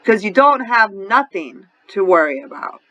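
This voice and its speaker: A woman's voice: mid-range voice, sing-song, normal speed, lo-fi sound, very noisy. A woman with a New Orleans accent teaching an adult English class, explaining grammar patiently and often checking in with "right?". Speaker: ESL teacher.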